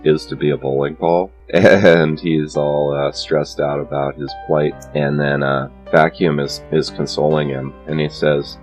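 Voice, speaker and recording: A man's voice: a bass voice, little pitch movement, unhurried, hardly any pauses, a little mellow, faint music behind. A young man casually recapping a comic book, chuckling often and rambling with plenty of fillers.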